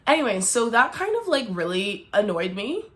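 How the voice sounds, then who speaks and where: A woman's voice: on the high side, very animated, normal speed, fairly bright tone. A young woman vlogger telling a storytime tale, chatty and indignant, full of "like". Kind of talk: storytime vlog.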